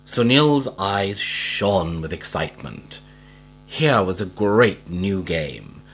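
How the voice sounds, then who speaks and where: A man reading a storybook aloud in a slow, expressive storytelling manner. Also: low-pitched, breathy edge, soft background music, low-quality recording.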